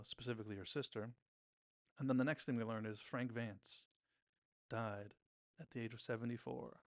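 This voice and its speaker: Male podcast host, gravelly voice, chatty TV-recap delivery, dry close mic. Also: mid-range voice, no room sound. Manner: chatty, retells scenes by briefly mimicking characters' lines. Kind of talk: casual episode recap commentary.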